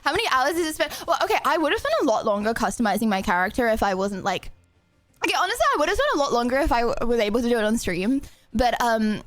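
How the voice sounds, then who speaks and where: Young english girl streamer, high voice, giggly and chatty, faint game music behind. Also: big pitch swings, quick pace. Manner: bubbly and chatty, with frequent fillers and giggles. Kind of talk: casual live-stream chatter.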